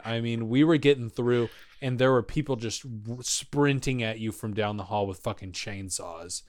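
A man from Texas telling a long story in casual chat, animated and swearing freely. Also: mid-range voice, normal speed, clean tone, dry recording. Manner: animated, profane, acts out voices.

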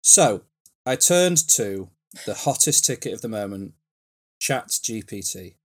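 A man's voice: lowish voice, very animated, a little slow, slightly rough. A man co-hosting a podcast in casual, rambling chat with many fillers. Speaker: podcast co-host.

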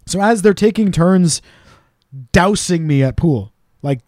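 A man telling stories in a casual, animated way as a podcast co-host, now and then doing quick voices of the people he quotes. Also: sits high, no room sound, clean studio sound. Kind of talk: casual storytelling chat.

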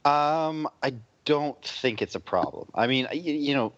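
A man co-hosting a casual sports podcast, talking in a measured, reasoned way with plenty of hedging. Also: fairly high pitch, lively intonation, a bit bright, dull audio. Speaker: podcast co-host.

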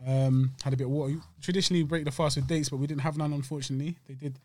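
A man's voice: fairly high pitch, fairly even intonation, racing. A man co-hosting a podcast, talking casually in slang with many restarts while eating. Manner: rambling, slangy, chatty with food breaks. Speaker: podcast co-host.

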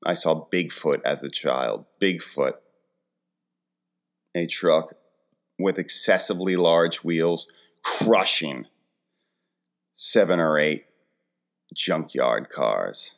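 A man's voice: extremely low pitch, expressive, takes it slowly, creaky, pauses often. A man in his forties hosting a casual comedic monologue, rambling and poking fun at himself. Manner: rambling, self-deprecating storytelling.

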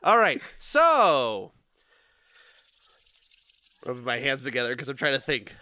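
A man's voice: medium pitch, big pitch swings, measured pace, bright, forceful tone, no echo. A man casually retelling a movie plot in a rambling, playful way, with frequent laughs and filler words.

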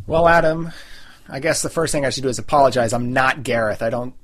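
A young man with a relaxed Californian accent hosts a casual podcast. His voice sits at an ordinary middle pitch. He talks in a chatty, rambling way and often stops to correct himself mid-sentence. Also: fairly quick. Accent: General Californian. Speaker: podcast host. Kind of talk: casual podcast chat, reading a listener email.

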